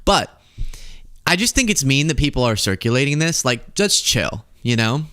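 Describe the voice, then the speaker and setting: A male podcast host delivers political commentary with sarcastic energy. His voice swings lively up and down in pitch, and it is recorded dry and close on a studio mic. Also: moderate pace, dry recording. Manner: sarcastic, animated.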